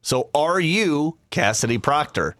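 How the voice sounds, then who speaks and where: Lively man, dry close mic, playful comic host who warns of a scam. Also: on the high side, unhurried, no room sound. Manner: animated, playful, laughs easily. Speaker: comedy host. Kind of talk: comedy sketch, casual chat.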